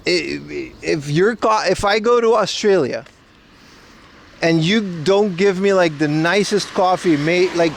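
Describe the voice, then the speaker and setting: A man's voice: high voice, slight background noise. A young man chatting casually and joking with his viewers on a livestream, recorded outdoors in a city. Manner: joking, banter with chat. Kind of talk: casual IRL stream chat.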